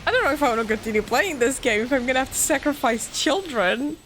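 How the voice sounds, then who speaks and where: A woman's voice: high-pitched, animated, quick pace, fairly bright tone, a little hiss or hum. A woman playing a video game, reading its lines aloud and reacting with emotional exclamations. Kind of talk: let's play commentary.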